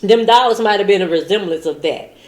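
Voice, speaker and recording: A woman's voice: medium pitch, brisk, darkish tone, echoey room. A woman chatting casually with a friend, laughing along and then giving earnest advice. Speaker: friend chiming in. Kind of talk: casual chat.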